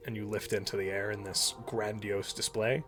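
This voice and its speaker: A man narrating a tabletop game as dungeon master, slow and descriptive, with many fillers. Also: fairly low pitch, little pitch movement, slight background noise.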